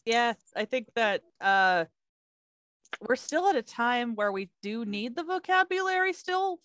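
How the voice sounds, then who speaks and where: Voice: medium pitch, lively intonation, unhurried, fairly bright tone, no room sound. Thoughtful, hesitant podcast guest, dry close sound. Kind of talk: casual podcast discussion.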